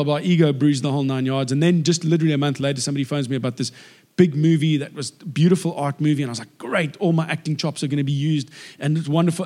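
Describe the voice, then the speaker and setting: A man in his forties from South Africa, preaching by telling stories and acting out the voices of people in them. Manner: animated, acts out quoted voices with big pitch jumps. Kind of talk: sermon storytelling. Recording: long reverb of a large hall.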